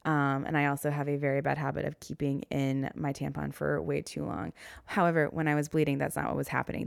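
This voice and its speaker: A woman's voice: low-pitched, level tone, fairly quick, gravelly, dry recording, studio quality. A woman in her thirties hosting a solo podcast, chatting candidly and rambling with self-deprecating asides. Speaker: podcast host. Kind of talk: casual solo podcast chat.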